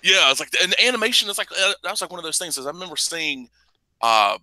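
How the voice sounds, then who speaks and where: A man's voice: high-pitched, very animated, fast, pushed and bright, dry recording, rough recording. A man hosting a podcast in casual chat, rambling and profane about old movies. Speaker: podcast host.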